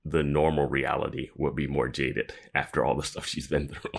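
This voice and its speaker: A man's voice: a bass voice, level tone, normal speed, vocal fry, husky. A man casually discussing a TV episode on a podcast, laughing and joking about plot holes. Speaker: podcast co-host. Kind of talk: casual chat.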